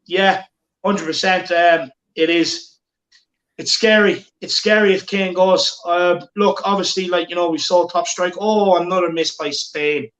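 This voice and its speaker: A man hosts a live football watchalong in a chatty, bantering way, reading out viewer comments as he goes. His voice sits fairly high for a man. The room has a noticeable echo. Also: fairly even intonation, a little slow, fairly bright tone. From Ireland. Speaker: watchalong host.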